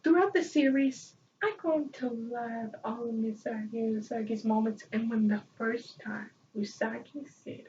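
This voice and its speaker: A woman chatting casually as a vlogger, excitable and rambling, often breaking into laughter. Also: on the high side, unhurried, hardly any pauses. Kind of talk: casual chat. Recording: distant, dull lo-fi mic with faint noise.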